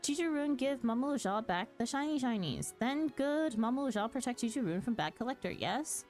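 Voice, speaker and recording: A woman doing an excitable little trader creature. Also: fairly high pitch, soft background music, lightly acted. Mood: eager. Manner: eager, broken speech, quick.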